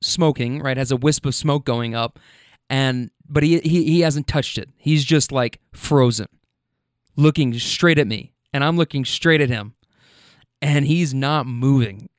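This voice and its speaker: A man working as a rideshare driver, telling stories in an animated way, swearing freely and using plenty of fillers. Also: medium pitch, measured pace, clear, resonant tone, dry recording, clean studio sound. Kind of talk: casual storytelling.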